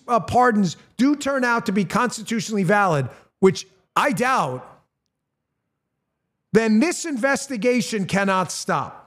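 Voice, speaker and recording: A male talk show host with a punchy, blunt delivery who reads his own ads and turns loud and high-pitched when outraged. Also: animated, measured pace. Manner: conversational, with fillers and restarts. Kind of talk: talk show monologue with ad read.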